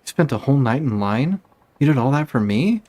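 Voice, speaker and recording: A sweet, emotional young woman from a video game, her voice pushed up high as a man reads her lines aloud. She gushes and frets in a lively, breathy-edged way. The performer's own deep voice shows through underneath. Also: fairly quick, natural voice. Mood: gushing. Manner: gushing then hurt, emotional. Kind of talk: reading game dialogue aloud.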